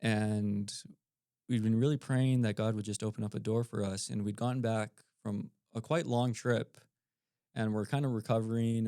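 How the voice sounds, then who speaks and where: Podcast guest, man, low gravelly mellow voice, easygoing storyteller, dry close sound. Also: no room sound. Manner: relaxed, animated storyteller with filler ums. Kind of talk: casual storytelling.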